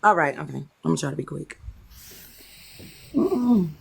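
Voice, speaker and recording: Hoarse lady with a low gravelly voice, threatening someone on a live stream. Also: animated, normal speed. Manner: threatening, defiant. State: voice gone, hoarse. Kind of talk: heated live argument.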